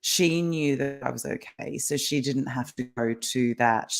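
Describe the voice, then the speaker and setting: A woman's voice: very deep voice, a little slow, creaky. A middle-aged woman guest explaining ideas in a casual interview over a video call, talkative and laughing often. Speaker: guest, kinesiologist and life coach.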